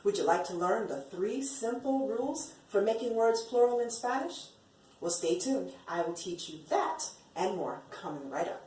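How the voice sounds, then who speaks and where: A woman teaching a lesson at a whiteboard, upbeat and encouraging, slowly repeating words to drill them. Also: medium pitch, expressive, a little mellow, a little hiss or hum. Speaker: Spanish teacher. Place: classroom with a whiteboard. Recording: echoey room, voice from a distance.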